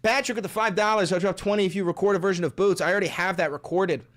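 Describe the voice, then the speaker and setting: A man hosts a casual livestream, reading viewer comments, joking and swearing between stretches of silly voices. He speaks very fast in a high-pitched, fairly bright voice.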